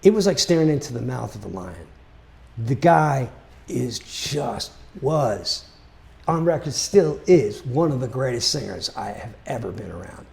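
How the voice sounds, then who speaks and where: Gravelly, chatty male storyteller. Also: mid-range voice, measured pace. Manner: animated, chatty, with many fillers. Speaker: guitarist telling a story. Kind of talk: casual storytelling to camera.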